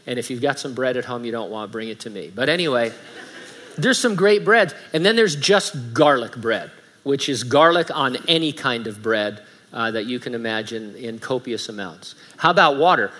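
A man's voice: medium pitch, lively intonation, moderate pace, a bit bright. A man preaching a sermon as pastor, reading scripture aloud with rising emphasis and some light humor.

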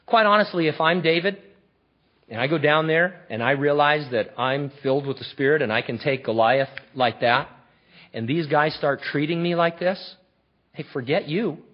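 Male preacher, sermon delivery, emphatic and conversational. Husky tone, fairly high. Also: normal speed. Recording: dull lo-fi recording.

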